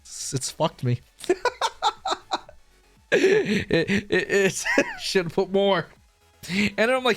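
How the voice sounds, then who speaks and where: Animated, rambling young male streamer. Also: high voice, extremely slow, long pauses, soft background music. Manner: rambling, profane, self-mocking, loses his train of thought. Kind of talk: rambling live-stream storytelling.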